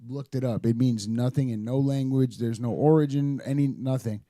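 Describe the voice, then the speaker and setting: A man's voice: mid-range voice, steady tone, normal speed, warm tone, no echo. A man talking casually as a guest, laid-back and rambling, with many fillers. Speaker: guest designer. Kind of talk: casual podcast chat.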